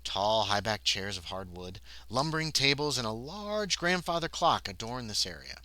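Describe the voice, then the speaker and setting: A man's voice: lowish voice, very animated, moderate pace, bright, forceful tone, no room sound, rough recording. A man playing a solo tabletop horror scenario on a livestream, reading the text aloud and breaking off into muttered asides. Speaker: solo tabletop game player and narrator.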